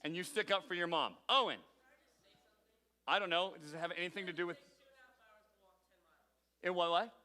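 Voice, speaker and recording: A bright, forceful youth pastor with a high voice leads a game for teens in a big hall. His voice rings out with a long reverb, and he teases the kids by name as he calls on them. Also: normal speed, long pauses. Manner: upbeat, calls on teens by name, playful teasing. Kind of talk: leading a youth group game. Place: large hall with audience.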